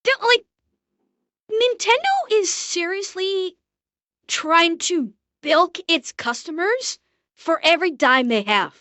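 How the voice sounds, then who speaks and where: A young woman streamer giving blunt, profane live reaction commentary, ranting quickly. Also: very high-pitched, very animated, pushed and bright, no room sound.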